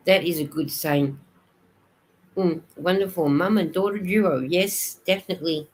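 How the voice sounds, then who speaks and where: A woman's voice: fairly low pitch, measured pace, darkish tone, rough recording. An Australian woman chatting casually on a live stream, reading viewers' comments aloud and answering them as she goes.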